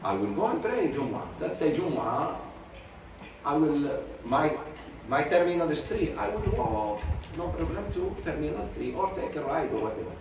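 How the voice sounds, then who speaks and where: A man's voice: a little high, very animated, normal speed. Fiery man lecturing in an echoey hall. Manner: fiery, emphatic volleys of rhetorical questions; sprinkles Arabic religious phrases. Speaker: sheikh teaching Quran commentary. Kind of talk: religious class lecture. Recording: very echoey, distant mic, noisy.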